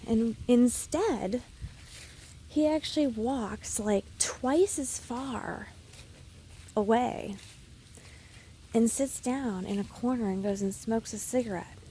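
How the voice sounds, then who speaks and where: A woman vlogging in a personal, confessional way, sliding between hushed whispers and emphatic, swearing outbursts. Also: fairly high pitch, slow pace, pauses often, slight background noise. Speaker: spiritual vlogger.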